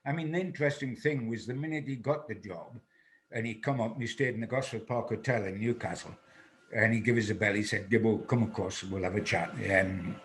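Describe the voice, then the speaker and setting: Being interviewed, this veteran football journalist, an older North East England man, chuckles his way through anecdotes and quotes the people in them. He talks a little fast in a medium-pitched, fairly bright voice, with a little hiss or hum in the recording.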